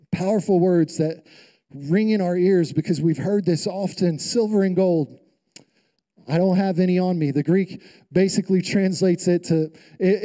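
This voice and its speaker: Male preacher, high warm voice, rousing call-and-response sermon delivery. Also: low-quality recording. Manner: preacherly call-and-response, rising to emphatic peaks. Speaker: pastor.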